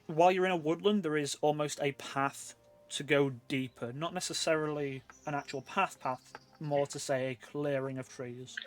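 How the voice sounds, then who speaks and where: A man's voice: fairly high pitch, moderate pace. Man narrating as game master. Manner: relaxed describing with fillers. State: hiccuping.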